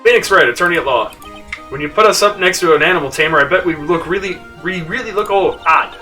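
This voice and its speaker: A man's voice: fairly high pitch, fast, bright, forceful tone, far from the mic, soft background music. A man voicing a flustered young male defense attorney in a video game, in a dry manner.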